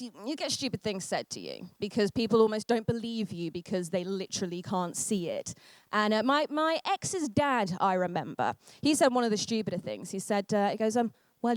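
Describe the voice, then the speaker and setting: A young woman doing a stand-up comedy set, sardonic and self-deprecating, with quick asides to the audience. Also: mid-range voice, fairly bright tone, dry recording.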